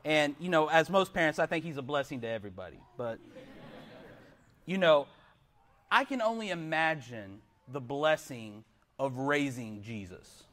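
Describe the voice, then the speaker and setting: A man's voice: fairly high pitch, expressive, moderate pace, a bit bright. A young man preaching a sermon in an earnest way, often putting questions to his listeners. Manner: earnest, asks the congregation questions.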